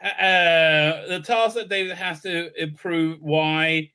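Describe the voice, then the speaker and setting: Bright-voiced rambling man. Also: fairly high pitch, fairly even intonation, slow pace, clear, resonant tone. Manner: rambling, sarcastic, many fillers and restarts. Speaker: video commentator. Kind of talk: casual solo commentary.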